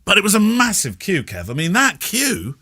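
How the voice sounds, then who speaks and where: A man's voice: high voice, normal speed, slightly rough, no echo, studio quality. A man co-hosting a podcast, chatting casually and telling jokey stories with frequent laughter. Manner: jokey, animated storyteller who laughs often. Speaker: podcast co-host. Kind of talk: casual chat.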